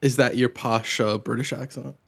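Gravelly, easygoing podcast co-host man. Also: medium pitch, steady tone, moderate pace, no room sound. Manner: easygoing, laughs often, teasing. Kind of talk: casual podcast chat.

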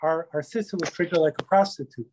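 A man's voice: on the high side, fairly even intonation, a little fast, a little mellow, low-quality recording. A man in a class making a precise correction about the text. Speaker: class participant.

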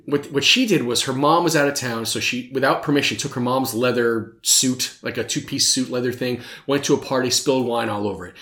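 A man rattles along at a quick clip as a podcast host, rambling from one tangent to the next with jokes and swearing. He laughs often. The recording carries a roomy echo. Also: mid-range voice, sharp tone. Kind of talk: casual chat.

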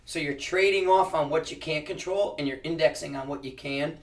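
A man's voice: on the high side, brisk, recorded from a distance. A man who teaches precision rifle shooting, answering interview questions casually and explaining with practical analogies, often restarting his sentences.

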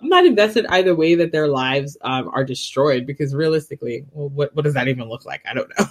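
A woman co-hosts a casual podcast chat, weighing her points with lots of hedges and quick laughs. Her voice is husky and rough-edged, and her pitch rises and falls widely as she talks. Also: expressive. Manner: thoughtful, hedging, laughs easily. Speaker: podcast co-host.

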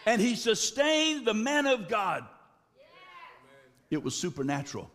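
A man preaches a dramatic sermon in a high, very animated voice, his pitch leaping up and down. He swings between shouted lines and low, drawn-out words. His voice rings with the long reverb of a large hall.

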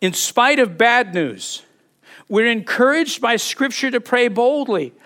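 This pastor's sermon comes across emphatic and expressive, and he reads scripture with real feeling. His voice is high for a man, and he speaks a little slowly.

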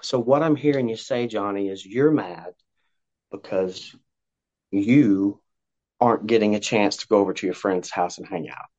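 A man giving parenting advice as a podcast guest, lively and talkative, acting out conversations between parent and child. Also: on the low side, normal speed. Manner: animated, acts out parent-child dialogue. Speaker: guest, youth counselor. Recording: dull lo-fi audio.

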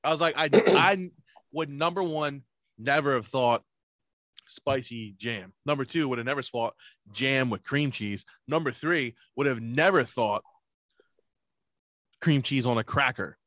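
A man co-hosting a podcast in loose, profane chat, spinning stories and leaping into a higher voice whenever he quotes someone. His voice is recorded close and dry, with no room sound around it. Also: a little slow, long pauses, fairly bright tone, no echo. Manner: profane storytelling, acts out quoted people in a raised voice. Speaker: podcast co-host. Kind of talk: casual chat.

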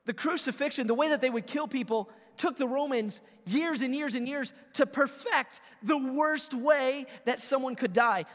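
Pastor delivering a sermon, man with a high voice, booming then hushed, heard in a reverberant sanctuary. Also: moderate pace, hardly any pauses. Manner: preaching with big swings from booming to hushed; talks directly to the congregation.

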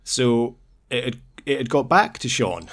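A man's voice: medium pitch, very animated, a little slow, a bit bright. Laid-back man telling stories. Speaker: podcast co-host. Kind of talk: casual chat, telling anecdotes.

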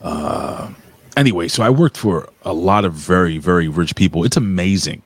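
Low-voiced New York man telling stories. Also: normal speed, husky, dry recording. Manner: animated storyteller, profane, rambling. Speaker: stream co-host. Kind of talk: casual chat.

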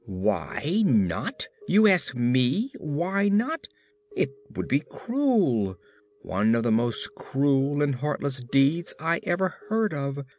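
A man's voice: medium pitch, big pitch swings, slow, a little mellow. A man voicing a stern but tender-hearted male tin emperor in a storybook reading, speaking in earnest, emphatic declarations.

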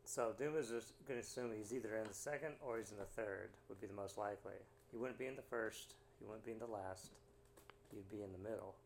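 A young man at a tabletop game, casually reasoning through his next moves. His voice is low and gravelly. A faint hiss runs under it. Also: quick pace. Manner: casual, plans moves aloud. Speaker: player.

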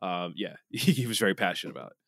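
Rambling Philly podcast host, dry mic. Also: male voice, low-pitched, big pitch swings, fast talker, no echo. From Philadelphia, USA. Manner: rambling, swearing, with many filler sounds. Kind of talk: casual podcast banter.

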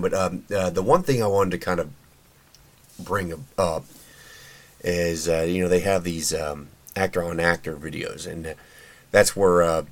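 A man with a very low voice hosts a podcast on his own. He talks in a loose, opinionated, chatty way. He fills his speech with ums and uhs and often restarts his sentences. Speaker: podcast host. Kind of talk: casual solo commentary.

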